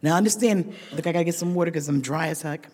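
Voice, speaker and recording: A woman's voice: low voice, rapid-fire. A woman stands before a recovery meeting and shares her own story, blunt and funny, with vivid impressions of the people in it. Her voice carries through a large hall with a long, ringing echo. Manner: frank, humorous storytelling, lively voicing of quoted people. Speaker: speaker sharing at a recovery meeting. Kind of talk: personal recovery testimony.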